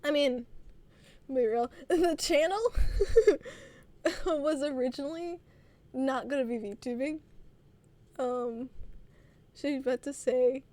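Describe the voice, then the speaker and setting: A woman's voice: sits high, takes it slowly, pauses often, darkish tone. A woman from the American South chatting casually on a live stream, giggly and rambling, with frequent laughs. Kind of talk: casual chat.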